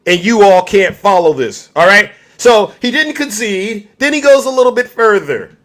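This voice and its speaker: A man's voice: sits high, expressive, moderate pace, fairly bright tone. A man hosting a livestream, giving heated political commentary and answering his chat directly in an angry tone. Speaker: livestream host.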